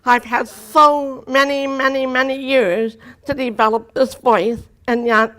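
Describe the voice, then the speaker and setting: A woman's voice: high voice, steady tone, unhurried, fairly bright tone. A deaf woman giving a personal testimony to an audience, telling her story earnestly with dry humor. Her speech has unusual vowels and articulation that listeners often mistake for a foreign accent.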